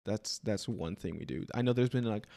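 A man on a casual podcast, talking softly and hesitantly about his work. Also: lowish voice, moderate pace, vocal fry. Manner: soft-spoken, hesitant. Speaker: podcast co-host.

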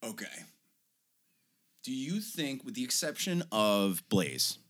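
A man's voice: medium pitch, big pitch swings, takes it slowly, a bit bright, no echo, clean studio sound. A man co-hosting a podcast in casual, profane chat, often slipping into put-on voices for bits. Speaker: podcast co-host.

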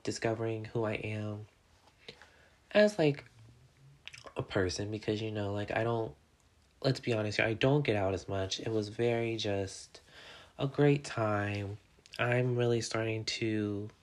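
A person in their twenties hosting a casual solo podcast, rambling and candid, dropping "like" into almost every phrase and joking with the listeners. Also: medium pitch. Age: 20s. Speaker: podcast host.

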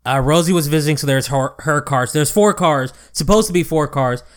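A man's voice: fairly high pitch, a little fast. A young man telling a casual story in a rambling way, restarting sentences and swearing now and then. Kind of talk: casual chat.

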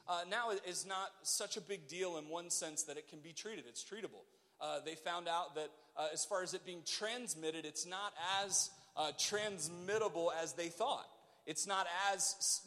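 A man's voice: sits high, fairly bright tone, long reverb tail. A man preaching a sermon as pastor, earnest and urgent, putting questions to his congregation.

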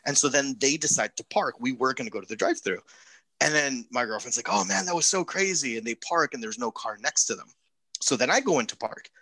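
A young man casually telling a profane, animated story on a podcast. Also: medium pitch, fairly quick, dry recording.

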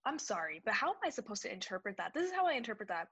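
A young woman co-hosting a casual podcast, talking in a chatty, animated way. She often slips into voices to act out text messages, and her pitch sits in the middle for a woman. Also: fast talker, hardly any pauses, breathy edge. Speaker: podcast co-host. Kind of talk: casual chat.

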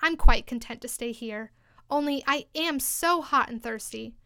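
A woman's voice: sits high, unhurried, sharp tone, smooth, no echo, clean studio sound, full character voice. A woman reading as a curious polite young girl. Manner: wondering, polite.

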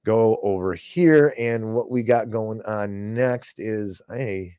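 A man's voice: on the low side, slow, dark tone, clear, resonant tone, dry recording, highs cut off. A man hosting a podcast, talking in a sarcastic, rambling way. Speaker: podcast host. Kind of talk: casual commentary.

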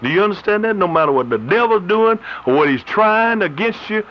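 A man's voice: high voice, lively intonation, brisk. A man preaching a radio sermon, laughing often as he reads and explains scripture. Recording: slightly muffled radio broadcast with faint noise.

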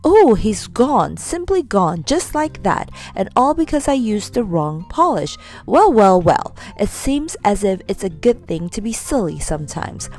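A woman's voice: mid-range voice, big pitch swings, measured pace, few pauses, darkish tone, faint music behind. A woman doing a meek, foolish servant man. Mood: wondering. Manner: simple and earnest. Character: foolish, meek, good-natured male servant.

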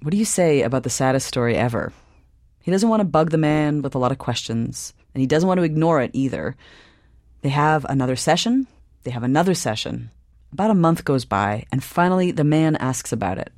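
A podcast host giving scripted narration in a measured storytelling manner. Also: medium pitch, expressive, darkish tone, no room sound, clean studio sound.

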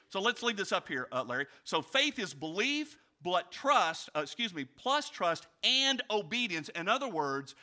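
A male pastor preaching a sermon, asking his congregation direct questions and swinging from loud storytelling to quiet reflection. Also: sits high. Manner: animated storytelling, rising loud for anecdotes, dropping quiet for reflection.

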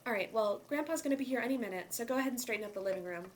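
A woman acting a mother who runs the household, brisk and bossy with her family. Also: on the high side, expressive, slight background noise. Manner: brisk, bossy, then tearful. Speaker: mother hosting family holiday. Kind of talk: scripted family drama acting.

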